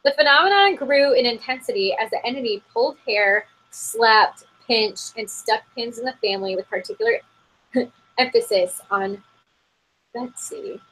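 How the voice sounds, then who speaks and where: A woman's voice: a little high, lively intonation, normal speed, fairly bright tone, low-quality recording. Giggly woman telling spooky tales. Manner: giggly, heavy use of "like". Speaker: podcast co-host. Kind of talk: casual storytelling, reading from an article. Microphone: remote call.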